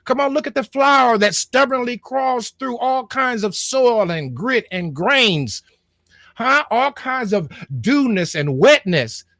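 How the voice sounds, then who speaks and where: High-voiced man preaching in a dry room. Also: animated, slow pace, bright, forceful tone, no echo. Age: middle-aged. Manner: preachy, call-and-response, repeats words, coughs. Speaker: rector and online preacher. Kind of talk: motivational sermon to camera.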